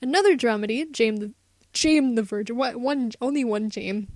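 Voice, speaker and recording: A woman's voice: fairly high pitch, moderate pace, pushed and bright. A teenage girl hosting a student radio show, stumbling through a script in mock Shakespearean English, laughing and whispering asides. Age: teens.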